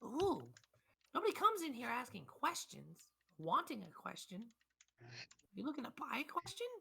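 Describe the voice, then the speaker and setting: A woman's voice: sits high, wildly swooping pitch, moderate pace, vocal fry, fairly bright tone, slight background noise, voice pushed up, heavily acted. A woman voicing a grumpy old male shopkeeper who talks with a twangy drawl and haggles with suspicion. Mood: haggling.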